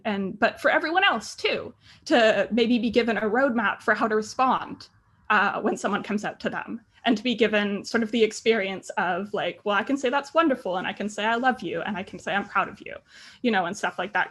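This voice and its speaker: A woman's voice: on the high side, a bit bright, breathy edge. A woman in her thirties on a book panel, speaking hesitantly with many fillers, her voice breaking with emotion. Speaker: graphic novel author on a panel. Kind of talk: panel discussion.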